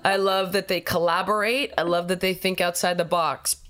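Middle-aged woman, blunt, swears a lot, animated storytelling, casual podcast chat. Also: fairly low pitch, moderate pace. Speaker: guest. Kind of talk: casual roundtable talk.

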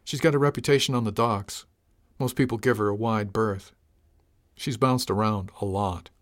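A man's voice: fairly low pitch, moderate pace, natural voice. A man reading an audiobook, voicing a wary, earnest young male spacer who answers in hesitant, clipped replies. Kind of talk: audiobook character voice.

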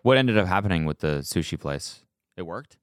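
A man hosting a podcast, reacting briefly and asking quick questions in a casual chat. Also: low-pitched, lively intonation, clean tone, dry recording, clean studio sound. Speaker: podcast host.

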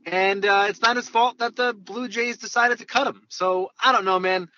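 A man from New Jersey, a baseball reporter joining a podcast by phone from his car, chatting in a joking, halting way. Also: high voice, steady tone, lo-fi sound, background noise. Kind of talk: casual podcast chat. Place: in a car, driving.

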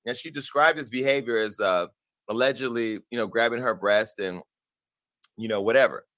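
A man hosting a celebrity gossip show, talking in a sassy, profane and animated way and laughing at his own jokes. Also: mid-range voice, moderate pace, dry recording. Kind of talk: brash gossip commentary.

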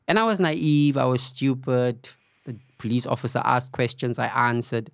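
A man's voice: medium pitch, normal speed, vocal fry, smooth, no room sound, studio quality. A middle-aged man, a podcast guest candidly telling a story and acting out what people said. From South Africa, Cape Flats. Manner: recounts events with acted-out quoted dialogue and frequent "you know".

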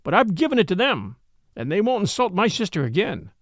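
An indignant boy, heated and protective of his little sister, as a man reads him. The voice sits high and animated in a storybook reading. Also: a little fast, no room sound, studio quality, exaggerated voice. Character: angry boy, protective older brother.

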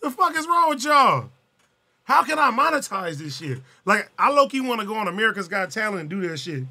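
A man hosting a stream in casual chat, excitable, laughing often and repeating himself. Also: sits high, a little fast. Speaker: streamer host.

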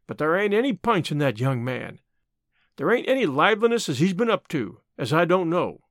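A man voicing a rough, earnest gold-miner pleading for his partner, in a slow, halting frontier dialect. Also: fairly high pitch, very animated, no echo, studio quality. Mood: earnest, apologetic.

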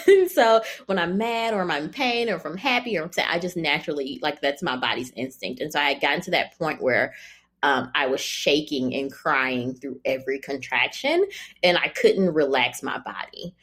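A woman's voice: sits low, moderate pace, a bit bright. A young woman casually telling her birth story, chatty and laughing often as she acts out what people said.

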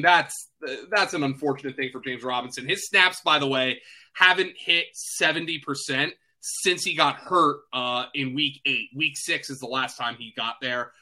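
A man's voice: mid-range voice, bright, forceful tone. A man talking fantasy football in a casual podcast chat, chatty and self-deprecating, with lots of fillers and restarts.

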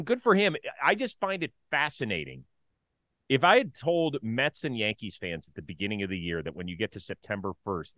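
Lively, animated male sports host. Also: on the low side, dry recording. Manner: animated, swings from loud jokes to mumbled asides. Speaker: baseball show co-host. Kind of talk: casual sports talk.

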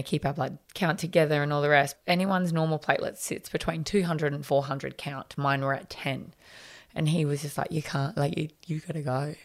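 Low gravelly Australian woman. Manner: frank, conversational, reenacts dialogue with many fillers. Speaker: podcast guest. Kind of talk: candid personal storytelling.

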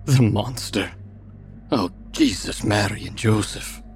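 A grim, superstitious old woman from the Scottish countryside, speaking low and quietly in a rural Scottish accent, as a deep-voiced male narrator puts her on. Faint music plays underneath. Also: slow pace. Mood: weary. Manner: quiet, warning tone.

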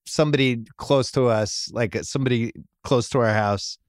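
A man's voice: mid-range voice, moderate pace, dry recording, studio quality. A middle-aged man hosting a podcast, telling a long family anecdote in a rambling way and laughing at his own jokes. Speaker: podcast host. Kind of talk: casual storytelling chat.

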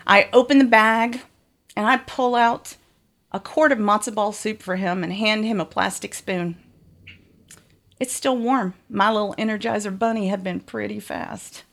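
A woman's voice: medium pitch, steady tone, unhurried, creaky, a bit bright. A woman frankly telling a bawdy, comic first-person story.

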